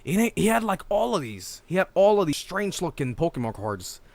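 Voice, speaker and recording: Excitable young man, pitch jumps all over, profane, bursts of laughter, dead-dry room. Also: a little fast, vocal fry, no echo. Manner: laughing often, acting out quotes in high voices. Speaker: streamer reacting to an animation. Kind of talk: animated storytelling commentary.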